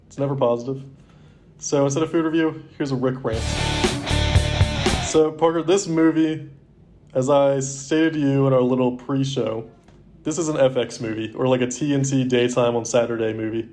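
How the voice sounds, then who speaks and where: A man's voice: mid-range voice, steady tone, moderate pace, mellow, soft background music. A young man in his twenties, co-hosting a casual podcast, rambling with many "like" fillers. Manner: rambling, heavy use of "like" fillers. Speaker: podcast co-host. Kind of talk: casual chat.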